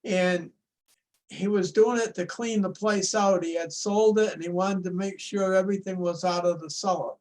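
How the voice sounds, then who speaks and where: Folksy older New man, high voice. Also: steady tone, moderate pace, a little mellow. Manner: rambling, folksy, with restarts. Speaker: show-and-tell presenter. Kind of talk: casual storytelling on a video call. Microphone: video call.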